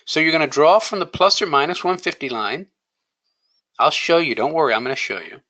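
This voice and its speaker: A man's voice: a little high, lively intonation, fairly quick, bright, forceful tone, dull audio. A man teaching a day trading lesson, coaching emphatically and asking rhetorical questions. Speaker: trading educator. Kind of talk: screen-share trading lesson.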